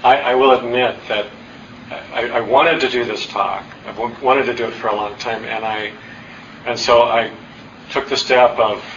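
A middle-aged man giving an earnest, self-deprecating public talk, with halting restarts. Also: medium pitch, steady tone, a bit bright, reverberant, slight background noise. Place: hall with an audience. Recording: distant, dull lo-fi talk recording.

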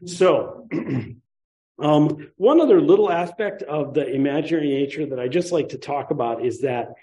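Animated man giving a dharma talk. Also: fairly high pitch, normal speed, rough recording. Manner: animated, conversational, with playful asides. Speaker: Buddhist teacher.

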